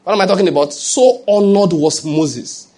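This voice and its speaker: A man's voice: high voice, moderate pace, mellow. A man preaching a sermon, chatty and humorous, building up to emphatic points. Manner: conversational preaching, humorous asides, rising to emphatic. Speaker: pastor.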